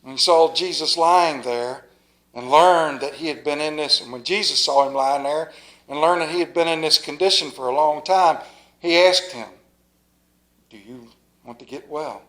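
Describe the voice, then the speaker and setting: A man's voice: a little high, normal speed, a bit bright, rough recording. A male pastor preaching a Sunday sermon in church, telling a folksy story and praying earnestly. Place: church service.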